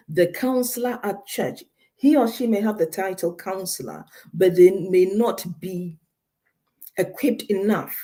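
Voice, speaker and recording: A woman's voice: mid-range voice, dark tone. A woman counselor giving emphatic, direct advice to listeners on a radio show, often repeating her key points.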